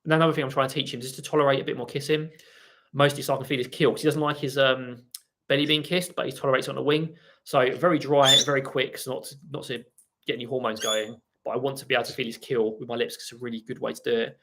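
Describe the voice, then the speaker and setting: A man hosts a relaxed live stream on parrot training from home, rambling chattily while reading viewer comments and speaking softly to his birds. His mid-range voice is level in tone and quick.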